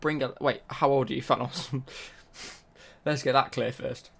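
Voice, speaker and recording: A young man talks through a gaming live stream, his voice carrying a gravelly, creaky edge. He banters loosely with his chat, reading out questions and firing back answers in a mid-range pitch. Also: steady tone, measured pace, a bit bright.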